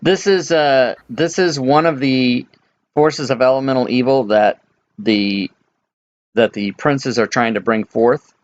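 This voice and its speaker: A man running a tabletop game as dungeon master, explaining slowly with frequent hesitations. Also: mid-range voice, lo-fi sound. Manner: unhurried, hesitant with many ums.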